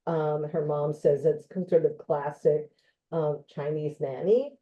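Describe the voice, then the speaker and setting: A woman occupational therapist giving an informal educational talk in a gentle, conversational way, with frequent ums and you-knows. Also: low voice, steady tone, a little slow. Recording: tinny phone-like online audio.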